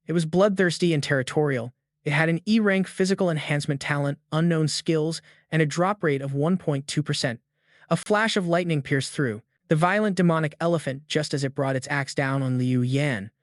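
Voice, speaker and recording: Male narrator, steady scripted recap reading, dry sound. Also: fairly high pitch, moderate pace, no room sound.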